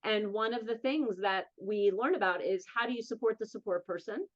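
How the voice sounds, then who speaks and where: A woman with a medium-pitched voice and a New Jersey accent appears as an interview guest and advocate, telling her own story candidly and emphatically. She sounds earnest, speaking in quick bursts, and the recording is muffled.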